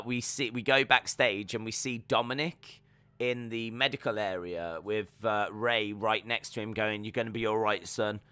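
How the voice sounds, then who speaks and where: A man hosting a live reaction stream, talking in a loose, rambling way. His voice is very bright and forceful, with a sharp, ringing edge. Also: mid-range voice, no room sound. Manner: rambling, animated, acts out scenes. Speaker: host.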